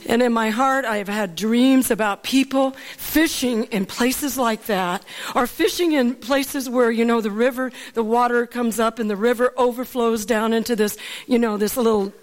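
A woman from Alaska preaching in a storytelling sermon, animated and laughing often as she asks her listeners for an amen. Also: a little high, normal speed.

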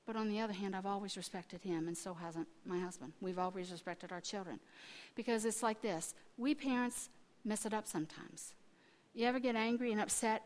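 A middle-aged woman preaching a sermon, telling stories animatedly and acting out the people in them, with frequent restarts. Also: a little high. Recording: long reverb of a large hall.

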